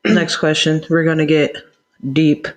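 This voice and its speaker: A young man with a fairly high voice co-hosts a relaxed couple's podcast. He jokes and teases in loose, casual chat and laughs easily. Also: measured pace. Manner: joking, teasing, laughs easily. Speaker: podcast co-host.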